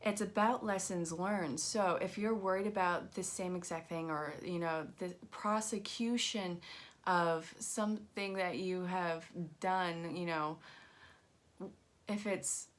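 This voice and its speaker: A woman's voice: lowish voice, takes it slowly. A woman giving a casual live-streamed card reading, chatty and reassuring as she talks straight to her viewers. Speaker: angel card reader.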